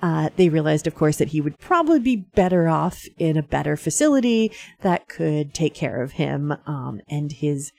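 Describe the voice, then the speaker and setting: Female radio host, chatty with fillers, gravelly low voice. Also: very animated, moderate pace, few pauses, a little mellow, no echo. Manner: chatty, frequent fillers and laughs. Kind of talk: casual radio talk.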